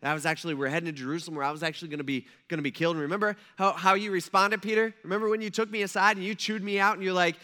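Jesus, as a male pastor puts him on, a patient, earnest teacher reminding his followers, in a high, bright, lively voice that stays close to the preacher's own. He sounds warm but firm and conversational, told aloud from the pulpit. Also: racing, few pauses.

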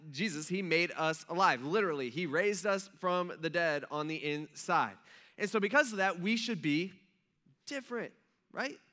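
A man's voice: sits high, bright, forceful tone. A man preaching a casual sermon, talking conversationally, asking the audience questions and acting out stories. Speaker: pastor.

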